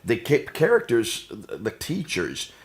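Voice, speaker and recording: A man's voice: medium pitch, wildly swooping pitch, takes it slowly, husky. An American man co-hosting a discussion, asking leading questions and methodically listing points with emphasis. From United States. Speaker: co-host. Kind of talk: apologetics discussion.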